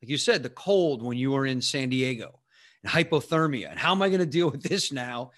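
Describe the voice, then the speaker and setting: A man's voice: mid-range voice, lively intonation, brisk, a bit bright. A man with a mid-range voice hosts a podcast. He reflects aloud in a casual, rambling way, with plenty of fillers. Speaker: podcast host. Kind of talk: casual interview conversation.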